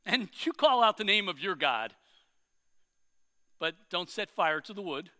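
A man voicing a bold, fierce prophet, declaiming slowly and forcefully. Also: sits high, very animated, full character voice.

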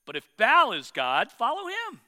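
A man voicing a bold, fierce prophet, declaiming slowly and forcefully. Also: very high-pitched, huge pitch swings, pitched above the performer's own voice, heavily acted.

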